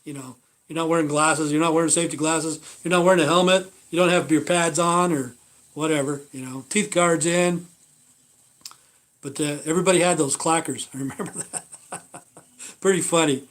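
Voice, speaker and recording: A man in his fifties from the United States rambles through a casual livestream monologue, blunt and foul-mouthed. His voice sits a little high for a man, and sentences often fade into a mumbled "you know". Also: steady tone, moderate pace, fairly bright tone. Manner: blunt, swears constantly, trails off with "you know". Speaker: livestream host.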